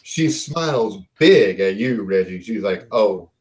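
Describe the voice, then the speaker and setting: A man runs a tabletop game as game master, describing scenes in a low voice. His narration is relaxed and descriptive. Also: measured pace, low-quality recording.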